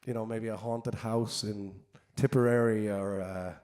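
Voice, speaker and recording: Rambling Irish singer telling a story on stage. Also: male voice, on the low side, steady tone, a little slow, a little mellow. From Ireland. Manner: rambling, chatty, self-deprecating. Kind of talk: live stage storytelling between songs. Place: live concert venue.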